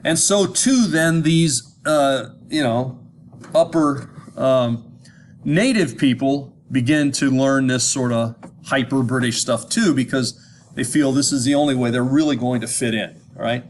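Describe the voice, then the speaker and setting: A man's voice: mid-range voice, measured pace, a little hiss or hum. An American man giving an informal lecture, talking conversationally and often checking whether his listeners follow, with frequent restarts. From United States.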